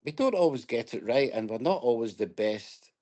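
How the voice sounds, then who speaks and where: A man's voice: medium pitch, animated, normal speed, dark tone. A Scottish man from Scotland, a guest in an interview, telling his personal story in a reflective, storytelling way with hesitant restarts.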